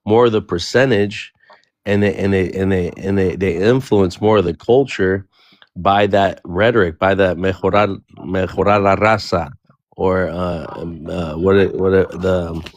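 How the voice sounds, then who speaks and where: A man's voice: low voice, steady tone, moderate pace, dry recording. A man whose first language is Spanish, talking in a rambling, casual way on an online panel discussion and often restarting his sentences. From United States, near the Bay Area. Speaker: panel participant.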